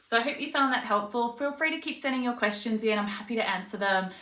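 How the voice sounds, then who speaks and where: A woman's voice: fairly high pitch, quick pace, pushed and bright, far from the mic, slight background noise. A woman speech pathologist, explaining tips to parents in a friendly way. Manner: friendly explaining, switches to sing-song play voice for demos. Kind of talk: parent tips video with demonstrations. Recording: echoey room, voice a bit off-mic.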